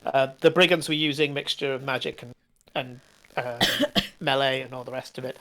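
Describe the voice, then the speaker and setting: A man narrating as game master, halting with frequent fillers as he describes scenes. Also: mid-range voice, fairly even intonation, sharp tone.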